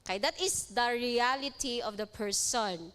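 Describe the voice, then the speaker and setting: A woman lecturer with a Cebuano Filipino accent giving an animated live seminar lecture, switching between English and Cebuano and joking with the audience. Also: a little high, unhurried, clear, resonant tone.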